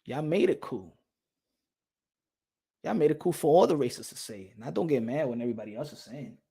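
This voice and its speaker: A man's voice: medium pitch, lively intonation, brisk, creaky, warm tone, slightly rough. A man hosting a boxing channel, giving a heated, profane opinion rant to camera and often repeating himself.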